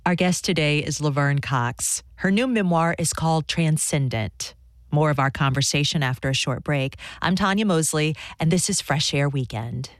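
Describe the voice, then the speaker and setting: A woman hosting a radio interview, asking measured, reflective questions. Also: deep voice, no echo. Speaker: radio host.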